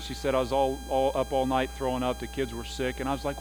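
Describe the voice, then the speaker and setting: A middle-aged man preaching a sermon as pastor, telling family stories with lively put-on voices for humor. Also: mid-range voice, fairly quick, rough recording. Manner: animated storytelling, mimics voices for laughs. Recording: faint mains hum.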